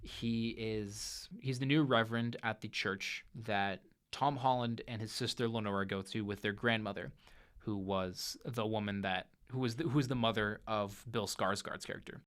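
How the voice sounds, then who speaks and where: A young man hosting a movie review show, retelling a film's plot in a casual, animated monologue and briefly acting out the characters' lines. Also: lowish voice, moderate pace, clear, resonant tone. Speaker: podcast host reviewing movies.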